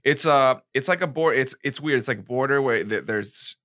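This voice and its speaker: Bright-voiced young New man chatting. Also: mid-range voice, moderate pace, no room sound, studio quality. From New York. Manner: animated storytelling, many "like" fillers, acts out quotes. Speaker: podcast co-host. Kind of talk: casual chat.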